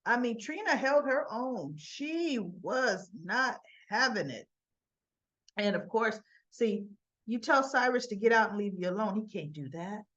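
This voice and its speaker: A woman's voice: fairly high pitch, animated, a little slow, a bit bright, highs cut off. A woman giving a casual, chatty recap of soap opera scenes, slipping in asides and quoted dialogue.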